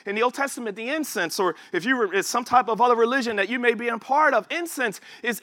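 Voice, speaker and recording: A man preaching a sermon, conversational at times and rising to impassioned shouts. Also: sits high, no echo, clean studio sound.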